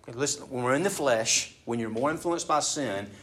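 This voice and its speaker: A man's voice: mid-range voice, brisk. Emphatic conversational male preacher. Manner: conversational, emphatic, asks the audience rhetorical questions; swings between hushed and loud, excited delivery. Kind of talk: sermon.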